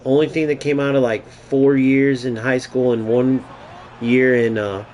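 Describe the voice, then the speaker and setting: A man's voice: mid-range voice, flat delivery, a little slow, a little mellow, slight background noise. Young man trash-talking over a game. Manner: casual, profane trash talk to his opponent. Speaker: gaming streamer. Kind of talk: live gameplay commentary.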